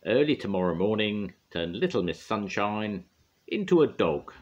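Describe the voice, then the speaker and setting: A man's voice: fairly low pitch, sing-song, moderate pace, darkish tone, lo-fi sound, pitched above the performer's own voice. An older man voicing a cackling wicked old witch who chants spells for a storybook reading. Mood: chanting.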